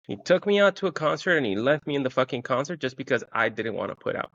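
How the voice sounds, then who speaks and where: A man, hosting a casual solo podcast and telling a story with lots of swearing, jumping into a higher, excited voice when he quotes himself. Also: fast talker, few pauses, no echo, dull audio. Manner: profane storytelling, quoting himself in a raised, excited voice. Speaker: podcast host.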